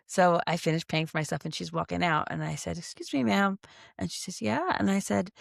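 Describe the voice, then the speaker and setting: A woman's voice: fairly low pitch, steady tone, fairly quick, gravelly, no room sound, clean studio sound. A middle-aged woman co-hosting a podcast, telling a story in casual chat and acting out both sides of the conversation. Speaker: podcast co-host.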